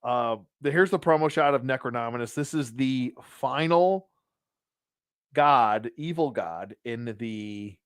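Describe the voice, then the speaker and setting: A man hosting a casual toy collector review, rambling, laughing at himself and sometimes dropping to a hushed storytelling voice. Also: medium pitch, unhurried, clean tone, no room sound. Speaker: toy collector channel host.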